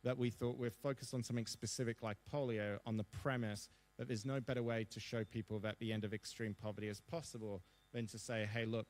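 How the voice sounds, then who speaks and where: Lively Australian man telling stories. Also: fairly low pitch. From Perth, Western Australia. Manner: lively anecdotal storytelling, self-deprecating, quick asides. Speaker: guest speaker and author. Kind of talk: storytelling interview on a seminar stage. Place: seminar hall before an audience.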